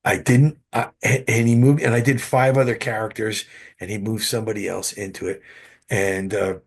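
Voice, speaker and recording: A man guest, an actor, telling animated stories in an interview with frequent restarts, heard over a video call. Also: fairly low pitch, moderate pace, slightly rough. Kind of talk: interview storytelling.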